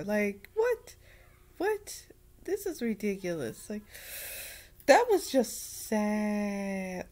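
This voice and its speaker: A woman giving a casual anime review, rambling and repeating herself in an animated way. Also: medium pitch.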